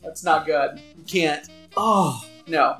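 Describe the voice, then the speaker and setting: A man hosting a casual podcast, relaxed and joking as he introduces listener submissions. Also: on the high side, slow pace, roomy sound, over loud music. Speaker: podcast host. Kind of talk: casual chat.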